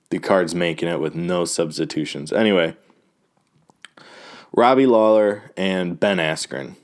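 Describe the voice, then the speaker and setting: A man giving a loose, rambling and profane recap of fight results, full of fillers and restarts. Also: deep voice. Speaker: fight fan recapping a card. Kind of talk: casual talk.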